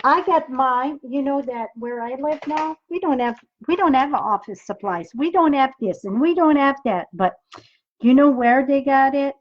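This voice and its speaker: A woman's voice: high voice, animated, moderate pace, lo-fi sound. A middle-aged French Canadian woman with a French accent, chatting with viewers while demonstrating card making, thinking aloud as she works. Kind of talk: live-streamed crafting demo.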